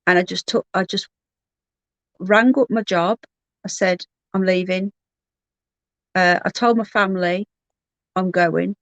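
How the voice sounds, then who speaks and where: A woman's voice: lowish voice, fairly even intonation, a little slow, long pauses, dry recording, dull audio. A middle-aged woman, hosting a casual livestream, talking candidly and reading viewer comments. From Birmingham, England. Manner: candid, chatty, restarts often. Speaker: livestream host.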